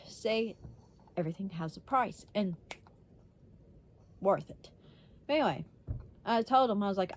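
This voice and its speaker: A woman's voice: on the low side, a little hiss or hum. A woman vlogger telling a story in a casual, blunt way, swearing freely and laughing often.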